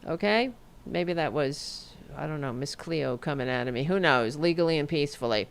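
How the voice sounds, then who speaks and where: A middle-aged woman hosting a casual political livestream, animated and sarcastic, swearing freely. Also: sits low, normal speed, gravelly, smooth. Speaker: host.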